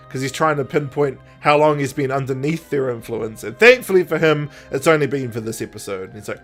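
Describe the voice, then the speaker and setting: Animated man recapping a story. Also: brisk, hardly any pauses, soft background music. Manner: animated, acts out characters' lines with jumps in pitch and loudness. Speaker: podcast co-host. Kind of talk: casual chat recapping an audio drama.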